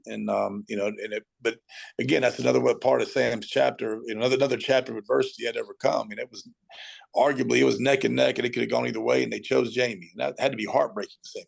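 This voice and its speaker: Gravelly middle-aged football coach. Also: male voice, mid-range voice, fast. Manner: animated storyteller, acts out shouting at the TV. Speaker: high school football coach. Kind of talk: podcast interview guest.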